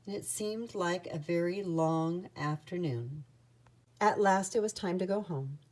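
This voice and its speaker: Reading a picture book for children, a woman uses an expressive, sing-song storytelling style. Her voice is on the low side and her pace measured.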